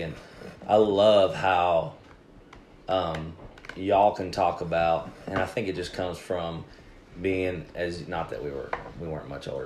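A man who is a pastor, chatting as a podcast guest and telling stories in an animated way. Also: deep voice, a little hiss or hum. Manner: animated storyteller. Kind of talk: casual interview chat. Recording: echoey room.

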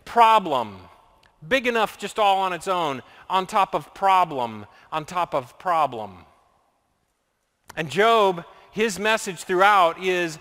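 A man's voice: high voice, lively intonation, unhurried, bright, forceful tone. A man preaching a sermon as pastor, earnest and building his points through repetition. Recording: long reverb of a large hall.

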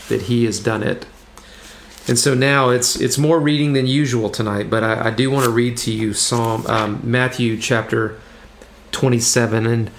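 A man, a pastor, giving an evening sermon, reading scripture aloud and explaining it in a measured way, with halting restarts. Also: medium pitch, creaky.

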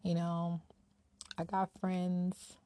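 A woman's voice: fairly low pitch, monotone, drawn-out words, dark tone. A middle-aged woman ranting candidly in a casual personal vlog, slightly out of breath, tossing in rhetorical asides. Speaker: vlogger.

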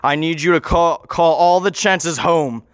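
A man voicing a giant, muscular male hamster who is calm and loyal, speaking in short, reassuring lines. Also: a little high, measured pace, smooth, no echo, clean studio sound, lightly acted.

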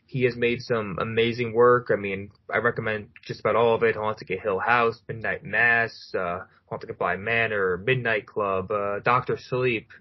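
A man's voice: on the low side, fairly even intonation, normal speed, hardly any pauses. A man co-hosting a casual podcast, enthusiastic and fan-minded, hedging often with ums and "I mean". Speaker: podcast co-host. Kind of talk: casual chat. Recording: dull lo-fi sound.

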